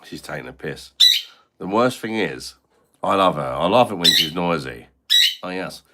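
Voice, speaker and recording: A man's voice: low voice, animated, normal speed. A man hosting a casual live stream, bantering and swearing at his noisy pet bird while reading chat comments. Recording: loud parrot squawks behind.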